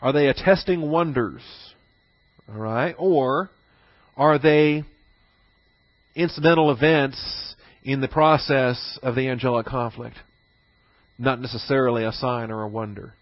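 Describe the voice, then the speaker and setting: A man's voice: medium pitch, unhurried, pauses often, no room sound. Man, Bible teacher, repeats key phrases, rhetorical questions, dry and slightly muffled sound.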